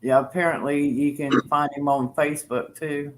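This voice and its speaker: A man chatting casually on a live stream, relaxed and pausing with fillers. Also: on the high side, poor audio. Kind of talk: casual chat.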